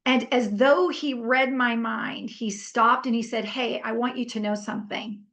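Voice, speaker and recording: A middle-aged woman runs a workshop in a relaxed, chatty style, telling animated stories, using fillers, and inviting her group to comment. Her voice is on the high side, and she keeps a measured pace.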